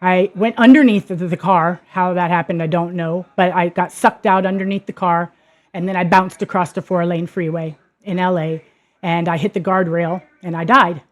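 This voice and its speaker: Speaking at a moderate pace, this woman has a voice on the low side and a fairly even intonation. She hosts her own podcast and tells a personal story in an earnest testimony monologue that grows emphatic and heated.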